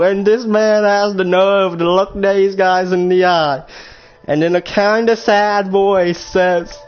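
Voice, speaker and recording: A man's voice: sits high, steady tone, slow, long pauses, smooth. A teenage boy telling a storytime vlog story in a rambling, crude way, often stopping to correct himself. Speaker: storytime vlogger. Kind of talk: casual storytelling. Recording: slightly muffled lo-fi audio with faint music.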